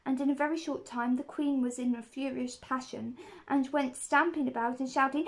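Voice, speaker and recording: A woman's voice: high-pitched, fairly even intonation, normal speed. A woman reading a children's novel aloud, steadily, with small slips and restarts. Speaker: reader.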